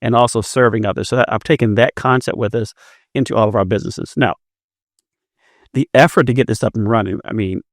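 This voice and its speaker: This entrepreneur guest, a man in his fifties, speaks in a lowish voice and at a fairly quick pace while sharing stories during a casual interview. Starting sentences, he tends to repeat words. Sound is clean studio quality, free of echo.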